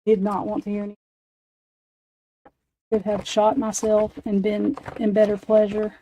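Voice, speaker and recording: Woman, 40s, late-night streamer, salty and rambling, mid-pitched with a mellow tone. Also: completely flat delivery, a little slow, lo-fi sound. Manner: profane, rambling storytelling with laughs. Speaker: livestream host. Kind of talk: casual late-night chat.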